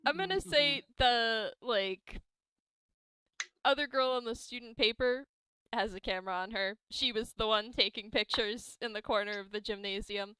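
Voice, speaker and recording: A woman's voice: a little high, normal speed, bright, forceful tone, smooth, dry recording, low-quality recording. A woman narrating as game master of a tabletop role-playing game, casual with many fillers and frequent laughs.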